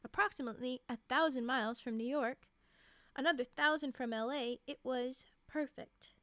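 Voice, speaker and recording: A woman's voice: high voice, moderate pace, a bit bright, no echo. A woman streamer reading a storybook aloud, breaking off for giggly, chatty asides.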